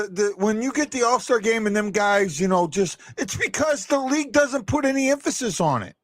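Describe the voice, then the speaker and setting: A man's voice: sits high, fairly bright tone, no echo, studio quality. A man hosting a live stream, talking casually and bluntly, rambling with many restarts and the odd swear word. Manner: blunt and opinionated.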